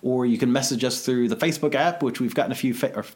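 A man's voice: mid-range voice, fast talker, darkish tone. A man co-hosting a podcast in casual chat, rambling and self-reflective with a joking streak. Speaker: podcast co-host.

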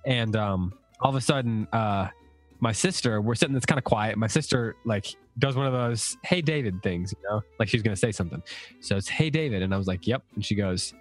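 A man's voice: lowish voice, brisk, faint music behind. Nasal man, rambling podcast host. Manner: rambling storyteller with fillers and restarts. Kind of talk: casual chat.

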